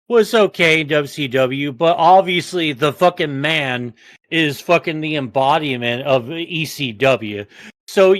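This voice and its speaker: A man hosting a podcast in casual chat, swearing constantly and rambling in an animated way. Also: a little high, no room sound, studio quality. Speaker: podcast host.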